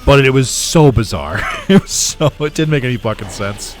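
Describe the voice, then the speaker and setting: A man's voice: medium pitch, animated, moderate pace, soft background music. A man chatting casually while streaming a game, ranting sarcastically, swearing a lot and laughing often. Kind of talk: casual gaming stream chat.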